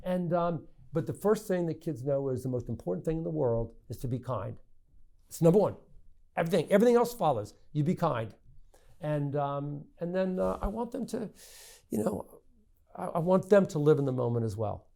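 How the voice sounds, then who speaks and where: Middle-aged male politician guest, lively storyteller, frequent restarts and stammers, conversational. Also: fairly high pitch, moderate pace, gravelly. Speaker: state senator, podcast guest. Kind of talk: candid interview storytelling.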